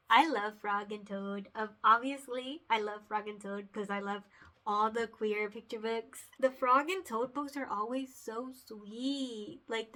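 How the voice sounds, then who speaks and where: A chatty woman vlogger who giggles often and gets emotional easily. Her voice is very bright and set a little high. She talks in a loose, casual way. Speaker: picture book author. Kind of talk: casual vlog chat.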